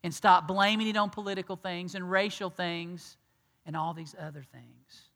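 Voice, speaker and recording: Bright-voiced preacher in a reverberant hall. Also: male voice, high voice, steady tone, normal speed, vocal fry. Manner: conversational, acts out dialogue, shifts from loud to hushed. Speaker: pastor. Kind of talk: sermon.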